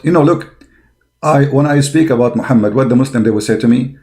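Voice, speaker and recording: A man's voice: mid-range voice, brisk, a little mellow. A man giving a combative religious monologue, blunt and scornful, speaking emphatic English with broken grammar. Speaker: religious polemic commentator.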